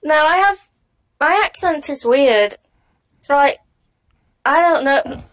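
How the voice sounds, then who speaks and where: A woman with a softened Northern English accent tells stories on a podcast. Her voice sits high, and she laughs easily at herself. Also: lively intonation, takes it slowly, low-quality recording. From England, near Sheffield. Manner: giggly, self-deprecating storyteller. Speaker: podcast co-host. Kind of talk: casual podcast chat.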